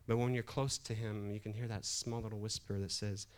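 A man's voice: lowish voice, level tone, fairly quick. A middle-aged man preaching a sermon in a conversational way, often restarting phrases and building emphasis. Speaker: pastor.

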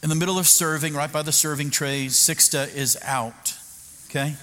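A man, a pastor, telling a self-mocking story in a sermon, animated and full of restarts. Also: on the high side, moderate pace. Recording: echoey hall with background noise.

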